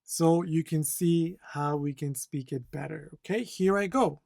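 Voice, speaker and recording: A language instructor teaching test-takers, talking slowly and clearly and often checking in with "okay?". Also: medium pitch, a little mellow, no echo, clean studio sound. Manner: slow, deliberate, repeats "okay?" to check learners. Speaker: CELPIP instructor. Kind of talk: slow, clear teaching to learners.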